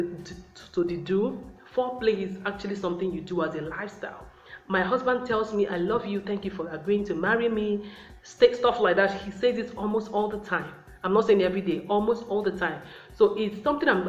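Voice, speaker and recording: Chatty woman vlogger in a roomy space. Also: fairly low pitch. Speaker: relationship advice vlogger. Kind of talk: casual advice talk to camera. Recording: roomy, slightly dull sound.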